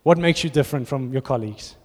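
A man's voice: medium pitch, quick pace, a little mellow. A man, preaching a passionate sermon to his church. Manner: passionate, rising to emphatic bursts. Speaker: pastor. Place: church auditorium. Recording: long reverb of a large hall.

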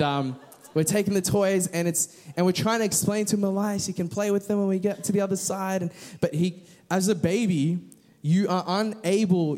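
A man's voice: high voice, darkish tone. A man preaching a casual, conversational sermon with frequent restarts and fillers.

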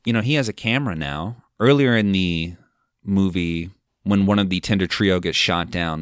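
Man, low pitch, smooth, rambling casual recap, lots of fillers. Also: a bit bright, dry recording, clean studio sound. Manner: rambling, filler-heavy retelling. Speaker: podcast host.

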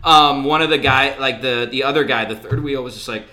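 A man's voice: mid-range voice, brisk, pushed and bright. A man in his thirties, a podcast co-host, telling a casual story full of fillers and restarts. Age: 30s. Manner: rambling, lots of fillers and restarts.

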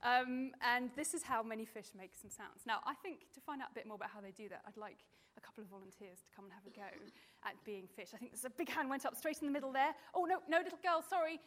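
A woman marine biologist giving a lively, playful presentation to a live audience with children, chatty and full of ums. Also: on the high side, fast. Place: stage in front of an audience.

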